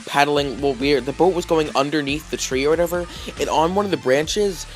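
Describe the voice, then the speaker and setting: A man's voice: a little high, a little fast, faint music behind. A man vlogging, telling a story casually with lots of fillers, restarts and "like"s. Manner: rambling, heavy with fillers and restarts.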